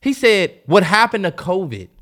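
A man's voice: high voice, big pitch swings, moderate pace, a bit bright. A young man with a DMV accent, co-hosting a podcast, arguing his points emphatically in casual chat. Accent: DMV African American English. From DC-Maryland-Virginia area. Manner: argumentative, emphatic, joking. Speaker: podcast co-host.

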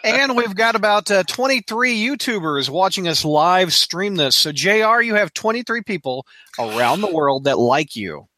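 A man's voice: sits high, animated, moderate pace, sharp tone, no room sound. A man hosting a podcast, introducing callers in a jokey, upbeat, teasing way. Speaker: podcast host. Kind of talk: casual chat, introducing guests.

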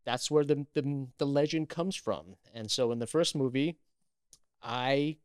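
A man's voice: mid-range voice, unhurried, clear, resonant tone, no room sound, clean studio sound. A man, an actor, chatting as an interview guest, telling stories animatedly with many restarts. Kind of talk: casual interview chat.

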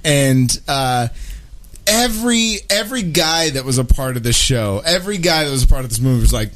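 A man's voice: mid-range voice, animated, moderate pace, a bit bright. A man chatting as a radio guest, telling stories animatedly and laughing often. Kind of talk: casual chat.

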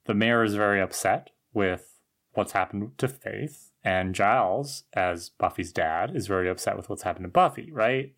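A man's voice: fairly low pitch, fairly bright tone. A man co-hosting a podcast, talking through the episode thoughtfully with fillers like "you know". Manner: thoughtful, analytical, uses filler words. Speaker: podcast co-host. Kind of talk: casual recap chat.

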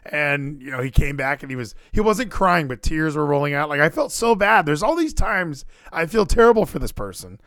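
Animated high-voiced man, dry close mic. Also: moderate pace, few pauses, dry recording. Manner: animated, excitable, rising to near-yells. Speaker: podcast co-host. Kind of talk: casual streamed chat.

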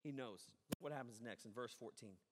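A man preaching a sermon as pastor, animated and conversational, acting out the voices of people he quotes. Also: mid-range voice, a little fast, big-room sound.

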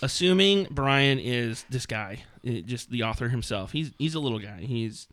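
Bright-voiced man mock-reading a book. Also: medium pitch, expressive, normal speed. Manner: mocking, laughing while reading, many fillers. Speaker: podcast host reading a book aloud. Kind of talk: casual chat, reading passages aloud.

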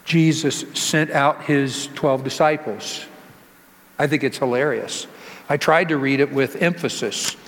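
In a church sanctuary whose hall gives off a long reverb, a pastor preaches in an unhurried, mid-range voice with a fairly bright tone. He keeps it conversational, tossing rhetorical questions to the congregation and joking around with them.

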